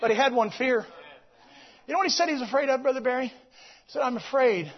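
A man preaching a sermon to his congregation, swinging between loud exclamations and quiet, low passages. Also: quick pace, long pauses. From United States. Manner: animated preaching, swings between shouting and hushed. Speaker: pastor. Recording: dull lo-fi recording.

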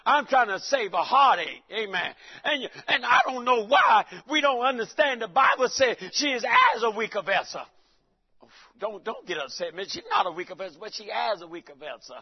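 A high-voiced man preaching in a church with a folksy, joking manner, calling out to his listeners and breaking into shouts. The recording sounds dull and lo-fi. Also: sing-song, moderate pace, slightly rough. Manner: folksy, joking, calls out to the congregation. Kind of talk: sermon.

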